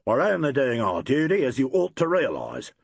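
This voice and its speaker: A man's voice: medium pitch, normal speed, no echo, natural voice. A man voicing a formal, deferential police constable in a storybook mystery. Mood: dutiful. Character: stolid police constable, polite and dutiful.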